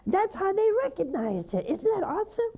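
An older woman, a nun hosting a call-in show, preaching fervently and coaxing callers, her voice often rising to high emphatic peaks. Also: big pitch swings, normal speed, mellow.

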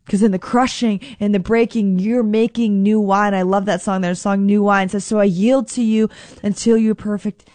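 A woman's voice: medium pitch, steady tone, normal speed, a little mellow, no echo. A woman preaching a sermon in an earnest, conversational way, acting out quoted prayers as she goes.

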